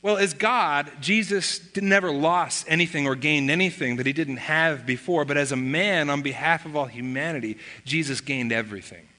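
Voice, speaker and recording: A male pastor delivers a sermon with a bright, slightly high voice. He tells stories conversationally and slips into acted-out family dialogue. His voice rings with the long reverb of a church sanctuary. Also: moderate pace, few pauses. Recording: long reverb of a large hall.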